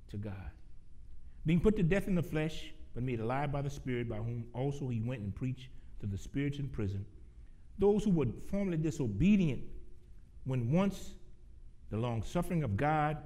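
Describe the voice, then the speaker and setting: Preaching a sermon, this man moves from booming, slow, stretched emphasis down to soft, low stretches, tossing quick joking remarks at the congregation.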